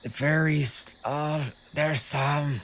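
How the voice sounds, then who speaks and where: A man's voice: a little high, steady tone, takes it slowly, fairly bright tone, pitched above the performer's own voice. A man doing a stammering captured guard. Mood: nervous, evasive. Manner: stammering, hesitant, evasive. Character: nervous captured male cultist guard. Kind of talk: tabletop role-play voice.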